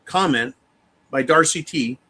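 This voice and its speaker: A man's voice: mid-range voice, a little slow, bright, forceful tone. A man hosting a casual livestream, talking emphatically and swearing freely as he addresses viewers as folks. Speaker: livestream host.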